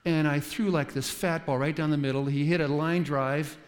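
A man's voice: fairly high pitch, fairly even intonation, normal speed. Male pastor with a chatty sermon style. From West Coast of the United States. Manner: conversational storytelling with asides to the audience. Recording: reverberant hall.

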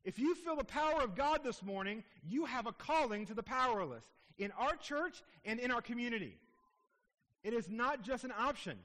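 High-voiced preacher in a reverberant hall. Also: male voice, sing-song, normal speed. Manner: impassioned preaching, softening to a hush at tender moments. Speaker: pastor. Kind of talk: sermon. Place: church sanctuary.

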